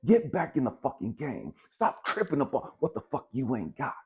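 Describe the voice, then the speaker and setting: With a mid-range voice, huge pitch swings and a normal pace, a middle-aged man gives a profane, blunt motivational speech, driving his points with repetition. He is a motivational speaker, captured in a dull lo-fi recording.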